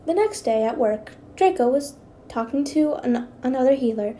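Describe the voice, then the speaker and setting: A woman's voice: sits high, lively intonation, normal speed, mellow, slight background noise. A young woman with a slight lisp, reading fanfiction aloud with rambling, giggly asides and stumbling over words. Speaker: fanfiction reader.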